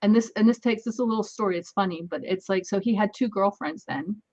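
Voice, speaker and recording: A woman spins parenting anecdotes in a relaxed interview. She jumps into the voices of the people in her stories. The sound is a bit dull and muffled. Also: mid-range voice, fast. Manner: animated anecdotes, acts out dialogue. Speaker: guest, energy healer. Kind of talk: casual storytelling in an interview.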